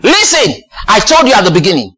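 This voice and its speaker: Exuberant high-voiced preacher, laughing and shouting. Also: male voice, huge pitch swings, a little fast. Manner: exuberant, laughing, shouting praise, calls to the congregation. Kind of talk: sermon.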